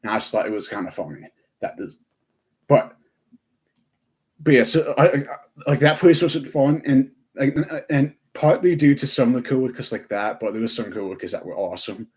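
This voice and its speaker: A man's voice: medium pitch, expressive, moderate pace, a little mellow. A young man chatting on a live stream, rambling with lots of fillers and restarts. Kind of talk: casual live-stream chat.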